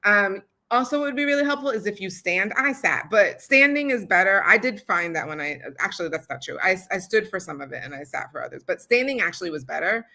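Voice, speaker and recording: A woman's voice: mid-range voice, expressive, fast, hardly any pauses, sharp tone. A young woman hosting a podcast, giving a casual how-to talk on recording audiobooks in a chatty, filler-heavy way and laughing often.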